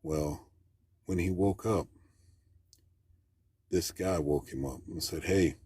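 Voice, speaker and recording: A man's voice: low-pitched, slow pace, mellow, slight background noise. A man calling in to tell a story, talking in a plainspoken, rambling way with folksy grammar. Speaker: caller. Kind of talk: casual storytelling.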